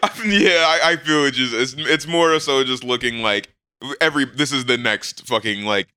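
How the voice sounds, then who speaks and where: A man's voice: mid-range voice, normal speed, pushed and bright, clean tone, no echo. A young man in a casual podcast chat, slangy and blunt, laughing often. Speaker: podcast co-host.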